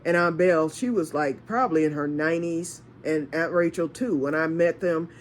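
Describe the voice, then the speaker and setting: A woman's voice: deep voice, normal speed, slight background noise. A woman from Michigan telling a rambling personal story in a casual, chatty way, laughing and acting out what people said. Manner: chatty, rambling, laughs often, acts out dialogue. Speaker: storytelling vlogger.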